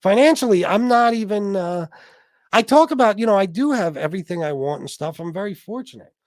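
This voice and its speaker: Speaking fairly quickly in a high voice, a man hosting a casual livestream reads out viewer comments and rants with blunt, animated profanity. The recording has clean studio sound and no echo.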